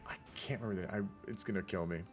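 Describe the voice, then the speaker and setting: This American game caster has a deep voice and races through rambling, casual commentary on a strategy game replay, chatting with viewers. Faint music plays in the background.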